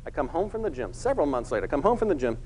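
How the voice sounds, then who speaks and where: A middle-aged man tells a story from the stage as a keynote speaker. His voice sits a little high for a man, and he acts out each person he quotes with lively energy. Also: racing, slight background noise, low-quality recording.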